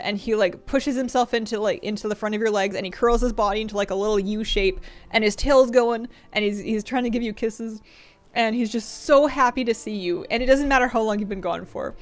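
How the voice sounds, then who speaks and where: A woman streamer chatting casually, rambling and affectionate, often restarting her sentences. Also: medium pitch. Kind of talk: casual chat.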